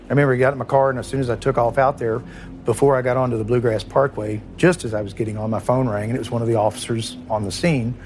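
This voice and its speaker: A middle-aged man with a Kentucky accent, a former police chief recalling a night in a halting, emotional interview, with many restarts and trailing pauses. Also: mid-range voice. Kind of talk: recorded interview recollection.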